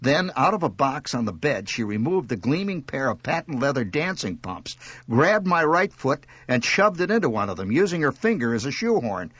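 A man reading a story aloud, wry and expressive. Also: mid-range voice, normal speed, few pauses, slightly rough, dry recording. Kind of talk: scripted narration.

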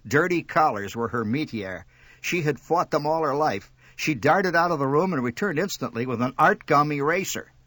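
A man reading a story aloud, wry and expressive. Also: a little high, normal speed, dry recording. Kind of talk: scripted narration.

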